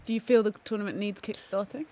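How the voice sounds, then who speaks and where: A man's voice: high voice, fairly even intonation, fast talker, darkish tone. A man co-hosting a live watchalong, ribbing the others with quizzical, teasing questions. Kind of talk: casual banter.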